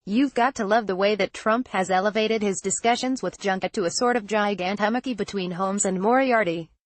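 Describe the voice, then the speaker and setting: A woman narrating a trade-policy newsletter as scripted news, with a measured, even delivery. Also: medium pitch, dry recording.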